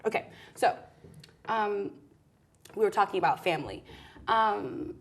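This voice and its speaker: A woman's voice: mid-range voice, measured pace, a little hiss or hum. A young college woman hosting a casual student panel, asking long, open questions. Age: young adult. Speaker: host.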